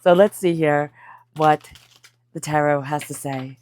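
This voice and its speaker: A woman with a congested, stuffy voice, giving a calm tarot reading. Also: sits low, unhurried. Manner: calm, soothing guidance. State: congested from a cold. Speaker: tarot reader.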